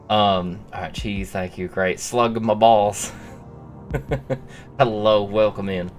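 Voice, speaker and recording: A male streamer chatting casually with viewers in a put-on silly accent, reading chat messages aloud and rambling between them. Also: low-pitched.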